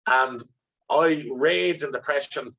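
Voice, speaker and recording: A man's voice: medium pitch, slow pace, gravelly, fairly bright tone. A blunt Irish man telling candid stories as an interview guest, swearing freely and talking with animation. The recording is dull and lo-fi, with the top end rolled off. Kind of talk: candid storytelling.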